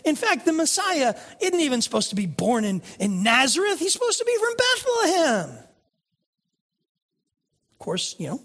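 A man's voice: very high-pitched, a bit bright. A male pastor preaching a conversational sermon, telling stories and asking the congregation questions. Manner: conversational, storytelling, rhetorical questions. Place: church sanctuary.

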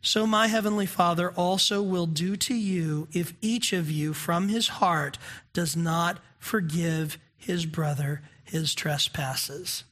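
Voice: mid-range voice, steady tone, slow pace, a bit bright. A pastor preaching a sermon in an earnest, conversational way, asking the congregation questions.

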